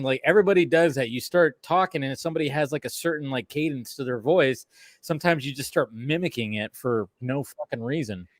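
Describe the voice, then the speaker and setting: A man's voice: medium pitch, no room sound. A man from Alabama chatting on a film stream panel, rambling and swearing freely as he talks. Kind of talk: casual chat.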